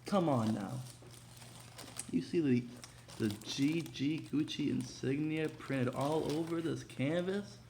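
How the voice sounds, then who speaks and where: A young man hosting a casual unboxing vlog, talking in an excitable, slangy, hyped way. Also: fairly high pitch, measured pace, vocal fry, a little hiss or hum. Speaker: vlogger. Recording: echoey room.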